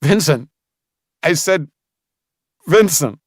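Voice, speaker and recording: A man's voice: medium pitch, lively intonation, a little slow, fairly bright tone, slightly rough, no echo, studio quality, voice pushed up. A man voicing a desperate young male survivor in an audiobook, pleading with a cracking voice.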